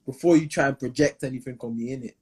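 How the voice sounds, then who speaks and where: A young man co-hosting a casual podcast, talking in animated slang and laughing often. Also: mid-range voice, quick pace, husky. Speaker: podcast co-host.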